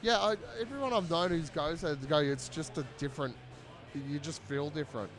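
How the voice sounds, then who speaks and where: A man's voice: on the high side, moderate pace, a bit bright, soft background music. An Australian man hosting a fundraiser stream, chatting casually and joking at his own expense, laughing often. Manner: jokey, self-mocking, laughs often. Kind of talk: casual chat.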